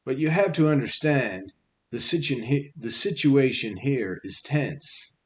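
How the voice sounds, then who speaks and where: A man's voice: mid-range voice, animated, slow. A man doing a bossy, lecturing jackal guard. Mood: explaining. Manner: scolding, sarcastic, lecturing. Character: bossy condescending male jackal army guard. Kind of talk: audiobook character voice.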